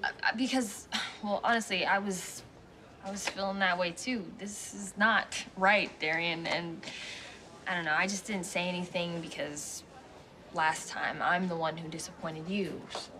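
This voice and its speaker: A young woman acting an awkward, chatty high school senior who rambles self-consciously, in a sitcom. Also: steady tone, moderate pace, pushed and bright, a little hiss or hum. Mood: relieved.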